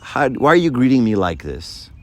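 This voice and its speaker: A man's voice: medium pitch, sing-song, moderate pace, close to an everyday voice. A man voicing a male pagan priest in a retold story, earnest and plain.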